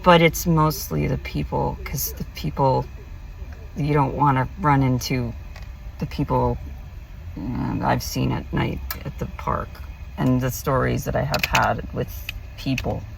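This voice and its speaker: Gravelly woman rambling through a story. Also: very deep voice, steady tone, measured pace, recorded from a distance, poor audio. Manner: rambling, filler-heavy, self-interrupting. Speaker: vlogger. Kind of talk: casual personal storytelling.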